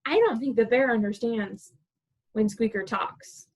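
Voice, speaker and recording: A woman librarian reading a picture book aloud to preschoolers, animated and playful, asking the children questions as she goes. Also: a little high, unhurried, husky, low-quality recording.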